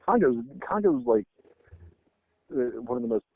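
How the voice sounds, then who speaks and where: A man's voice: mid-range voice, big pitch swings, normal speed, dry recording. A man co-hosting a podcast, rambling and thinking aloud while seeking agreement, heard over a tinny phone-like line. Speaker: podcast co-host. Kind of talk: casual podcast conversation.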